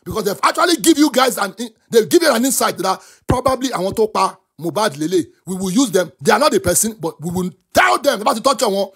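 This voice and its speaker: A Nigerian man rants as a talk show host, his voice set high and full of gravelly fry. He sounds husky and heated, and he flips between English and Yoruba. Now and then he rises into shouting. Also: animated, fast talker, few pauses. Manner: impassioned, switches between English and Yoruba, often bursts into shouts. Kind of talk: animated commentary rant.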